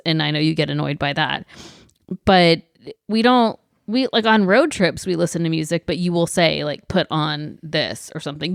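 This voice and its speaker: A woman's voice: low-pitched, gravelly, no echo, clean studio sound. A woman in her thirties with an American accent, co-hosting a casual podcast with her husband, teasing him and airing mild complaints. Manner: teasing, quick to vent mild annoyance. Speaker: podcast co-host. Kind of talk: casual chat.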